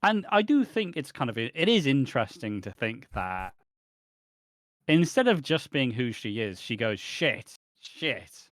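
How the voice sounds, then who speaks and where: A man's voice: medium pitch, sing-song, moderate pace, no echo, clean studio sound. A man co-hosting a casual podcast chat, emphatic and swearing often. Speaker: co-host.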